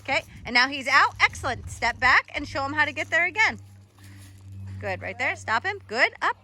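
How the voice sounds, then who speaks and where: A woman's voice: high-pitched, sing-song, moderate pace, sharp tone. A woman dog trainer coaching a trainee in an encouraging, instructive way.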